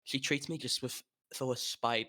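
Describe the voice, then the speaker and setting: A man playing his character in a tabletop role-play, talking haltingly and despairingly, with nervous laughs. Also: medium pitch, fairly even intonation, sharp tone. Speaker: player.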